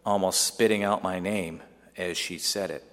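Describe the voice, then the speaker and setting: Male actor as Joseph: earnest young son, tender storytelling monologue, slightly low voice, long hall echo. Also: steady tone, normal speed, close to an everyday voice. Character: earnest young man Joseph confiding in his mother. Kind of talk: dramatic first-person monologue. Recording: long echoey hall reverb.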